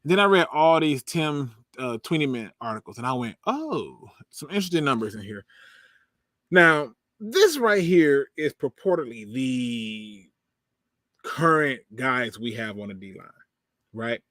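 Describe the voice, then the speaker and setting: On a casual sports livestream, a male host reads out viewer comments and responds with sarcasm and lots of laughter, animatedly talking to chat. His voice is medium-pitched and unhurried, captured dry with clean studio sound.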